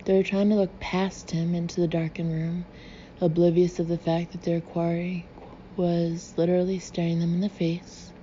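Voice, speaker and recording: A woman narrating an audiobook in an even, measured reading. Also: lowish voice. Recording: slightly dull recording with faint hiss.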